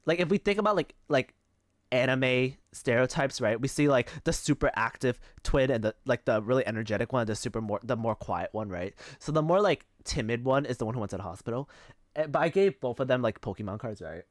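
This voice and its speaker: Rambling young man with a lively voice. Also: mid-range voice, a little fast, no room sound, studio quality. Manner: rambling, filler-heavy storytelling with frequent swearing. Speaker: streamer. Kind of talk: casual chat on a live stream.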